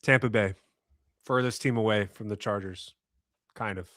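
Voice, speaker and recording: A man's voice: fairly low pitch, steady tone, moderate pace, fairly bright tone, no room sound, studio quality. A young man co-hosting a casual sports podcast, laid-back and understated. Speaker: podcast co-host.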